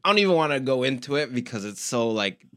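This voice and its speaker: A man's voice: medium pitch, lively intonation, quick pace, fairly bright tone, dry recording, studio quality. A man co-hosting a casual podcast, easygoing and full of fillers. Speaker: podcast co-host and producer. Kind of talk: casual comedy chat. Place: studio.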